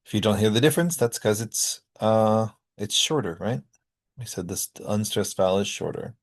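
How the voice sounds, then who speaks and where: Guy with a lowish voice teaching a linguistics class, lots of uh and um. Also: animated, normal speed. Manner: explanatory, frequent uh and um fillers. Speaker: linguistics lecturer. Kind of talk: recorded classroom lecture.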